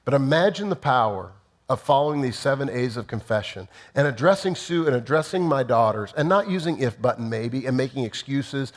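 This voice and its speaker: A man's voice: mid-range voice, expressive, fairly quick. Earnest man preaching plainly. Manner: earnest, plainspoken, acts out sample apologies. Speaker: pastor. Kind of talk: teaching sermon.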